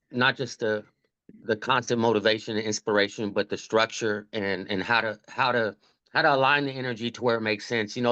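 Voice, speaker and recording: A man sharing on a group video call, earnest and halting as he searches for words. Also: mid-range voice, fairly bright tone, highs cut off. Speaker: real estate agent.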